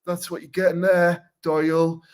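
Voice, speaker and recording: A man's voice: a little high, little pitch movement, normal speed, smooth, lightly acted. A man with a Teesside accent playing a crude, boastful local superhero wannabe, rambling and swearing through a live comedy Q&A. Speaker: comic superhero character.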